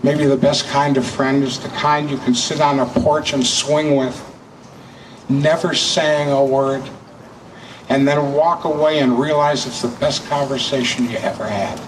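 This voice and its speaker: Solemn man reading slowly, far away. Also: mid-range voice, fairly even intonation. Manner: measured, solemn recitation. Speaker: memorial speaker. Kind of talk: reading a reflective piece. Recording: distant mic, noisy room.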